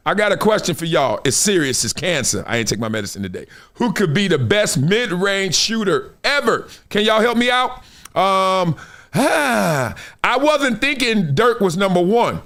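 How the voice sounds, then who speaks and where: Brief: male host from Compton, high and lively voice, slangy playful live-stream sports chat. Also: moderate pace. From Compton, California. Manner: animated, playful, slangy, laughs often. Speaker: show host.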